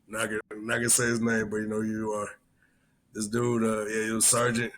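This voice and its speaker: A man's voice: on the low side, monotone, a little fast, a bit bright. Rambling, profane male podcast host. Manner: rambling, swears constantly, tells stories. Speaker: podcast host, army veteran. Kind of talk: casual profane chat.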